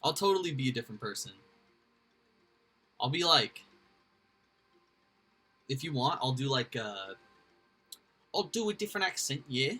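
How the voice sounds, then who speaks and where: A man's voice: mid-range voice, very animated, normal speed, long pauses, pushed and bright. A man hosting a livestream, rambling casually to his chat, swearing freely. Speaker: livestream host. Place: indoors at home.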